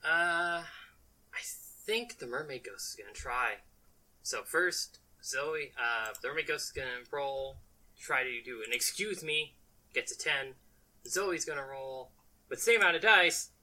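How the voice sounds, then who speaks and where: A woman narrating a tabletop role-playing game as game master, playful and quick to laugh. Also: very deep voice, bright, forceful tone, poor audio. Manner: playful, laughs often, slips into quick character voices.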